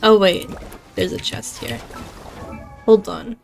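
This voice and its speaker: A woman's voice: mid-range voice, sing-song, slow, creaky, soft background music. Giggly woman game streamer. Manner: giggly, bubbly, reads chat aloud. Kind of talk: casual live-stream chat.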